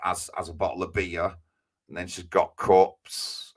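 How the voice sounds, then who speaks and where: Male co-host, low-pitched, earnest and rambling, lots of fillers. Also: monotone, measured pace. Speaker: co-host and media spokesman. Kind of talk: casual live-stream chat.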